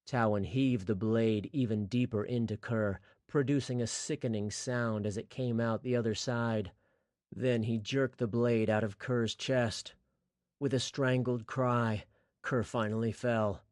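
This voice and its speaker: Guy narrating a fantasy audiobook, mid-pitched, steady, super dry close mic. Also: unhurried, no room sound.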